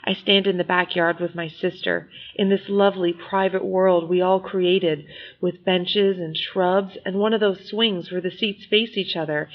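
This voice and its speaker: A woman reading a novel aloud in first-person audiobook narration, measured and expressive. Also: medium pitch, lo-fi sound.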